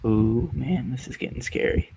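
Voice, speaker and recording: A man's voice: mid-range voice, normal speed, vocal fry, mellow, husky. A young man chatting casually in an online lobby, making crude jokes and swearing. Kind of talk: casual chat.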